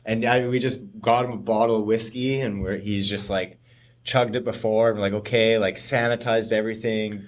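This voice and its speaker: A man's voice: lowish voice, steady tone, moderate pace. A man co-hosting a podcast, telling a rambling story with frequent laughs and trailing off. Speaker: podcast co-host. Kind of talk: casual chat, storytelling.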